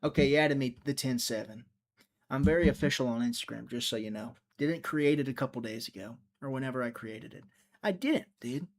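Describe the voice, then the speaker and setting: A man's voice: medium pitch, brisk. A man hosting a casual livestream, rambling and joking as he answers viewers' chat comments. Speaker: livestream host.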